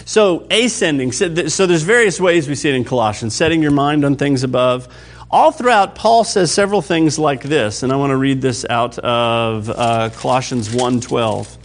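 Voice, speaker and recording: A man preaching a sermon to his congregation in a conversational teaching style, often checking that listeners follow and pushing louder or dropping soft for emphasis. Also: medium pitch, lively intonation, normal speed. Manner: varies pace and loudness for emphasis. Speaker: pastor.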